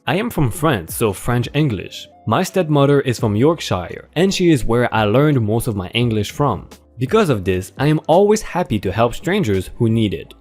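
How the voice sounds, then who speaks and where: A man's voice: medium pitch, darkish tone. A man hosting a story channel, reading online posts aloud with a hyped delivery.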